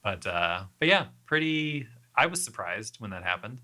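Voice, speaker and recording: A man chatting casually about a movie in a relaxed, hesitant way. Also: fairly low pitch, moderate pace. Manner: relaxed, hesitant, many fillers.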